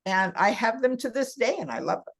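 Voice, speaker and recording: A woman's voice: a little high, very animated, a little fast, gravelly. An older woman talking as a podcast guest about massage work for seniors, chatty and laughing often as she tells stories. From California. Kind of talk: casual interview chat.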